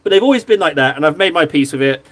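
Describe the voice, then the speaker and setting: A man from southwest England with a southern English accent, hosting a live stream and chatting casually, excitable and quick to interrupt himself. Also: fairly high pitch. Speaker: live-stream host painting miniatures.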